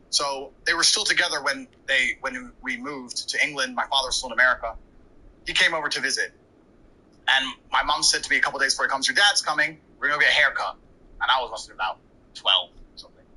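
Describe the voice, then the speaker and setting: A man's voice: medium pitch, bright, forceful tone, breathy edge, rough recording. A man in his thirties telling a story as a podcast guest, brash and profane. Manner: brash, profane, quick anecdotal delivery. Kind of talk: casual storytelling.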